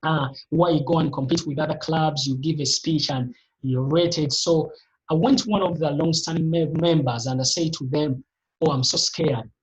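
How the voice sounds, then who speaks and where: Motivational speaker, live online session, emphatic, repetitive, sudden pitch jumps, video-call audio. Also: fairly even intonation, moderate pace, low-quality recording.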